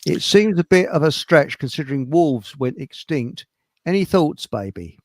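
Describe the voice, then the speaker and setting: A middle-aged man, hosting a casual livestream chat, blunt and grumbling with quick asides. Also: fairly high pitch, very animated, no room sound. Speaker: host.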